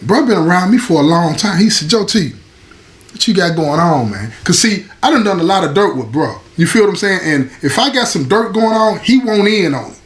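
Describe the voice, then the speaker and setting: Recounting his time in prison, an animated storyteller speaks in a high voice, fairly quickly and with few pauses. It's casual storytelling to viewers, peppered with "y'all" and "you feel me."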